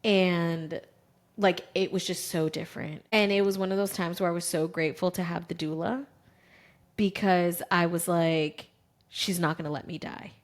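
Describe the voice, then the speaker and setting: A woman's voice: lowish voice, moderate pace. A woman in her thirties co-hosting a podcast, telling a personal story in casual chat and acting out what people said. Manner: lively storyteller who acts out quoted voices. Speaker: podcast co-host.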